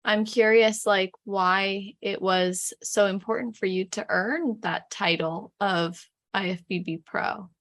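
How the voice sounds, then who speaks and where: Slow-speaking woman interviewer. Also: mid-range voice, steady tone, a bit bright. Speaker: podcast host, interviewer. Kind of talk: interview questions and reflections.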